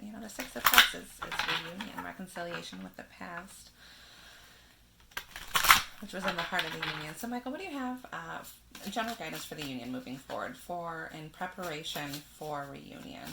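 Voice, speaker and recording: A woman giving a spiritual tarot reading in a gentle manner, reading card verses aloud and laughing softly now and then. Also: lowish voice, moderate pace, gravelly, heavy background noise. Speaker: tarot reader.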